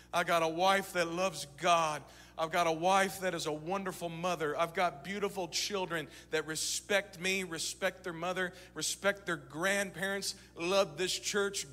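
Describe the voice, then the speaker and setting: A man in his thirties preaching a sermon, moving between shouted exhortation and quiet storytelling. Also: high voice, fairly even intonation, unhurried. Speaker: pastor. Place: church sanctuary. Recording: church sanctuary reverb.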